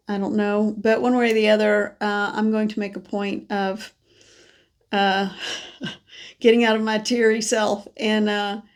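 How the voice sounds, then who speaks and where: Gravelly-voiced woman giving spiritual messages. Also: medium pitch. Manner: gentle, meandering, with many pauses and restarts. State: congested from allergies. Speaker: psychic card reader.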